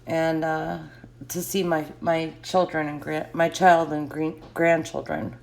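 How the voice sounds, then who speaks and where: A woman's voice: deep voice, level tone, a little slow, gravelly. A middle-aged woman chatting casually and answering live comments, laughing often.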